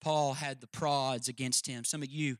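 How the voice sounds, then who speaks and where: A man's voice: mid-range voice, steady tone, moderate pace, a bit bright, no echo. A man pastor preaching a sermon, emphatic and speaking straight to his listeners with questions.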